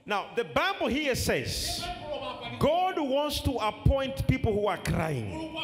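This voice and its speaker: A male preacher with a very high voice that swings widely up and down, preaching with shouts and repeated phrases. He speaks slowly and draws out his words, and music plays loudly behind him. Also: big pitch swings, in a large hall. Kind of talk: sermon.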